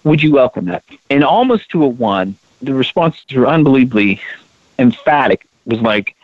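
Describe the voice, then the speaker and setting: A man's voice: mid-range voice, big pitch swings, normal speed, dry recording. A man being interviewed as a guest, talking earnestly and emphatically, often repeating words as he restarts his sentences. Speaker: interview guest, co-founder of a women's leadership project. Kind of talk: conversational interview. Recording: tinny phone-line sound, dry.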